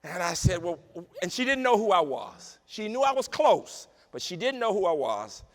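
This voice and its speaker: Man, keynote speaker, inspirational speech, emphatic repeating cadence, hushed tender asides, long hall reverb, podium mic. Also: sits high, sing-song, normal speed. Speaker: keynote speaker, university president. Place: large conference hall.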